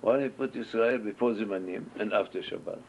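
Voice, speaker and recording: A man's voice: on the low side, quick pace. A man with teaching a Torah class, asking questions and answering them as he tells stories. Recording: dull lo-fi recording with faint noise.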